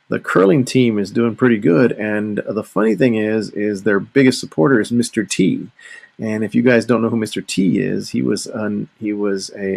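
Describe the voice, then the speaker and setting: A man's voice: on the low side, creaky. A man hosting a casual solo podcast, talking in a rambling way with frequent restarts. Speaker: podcast host.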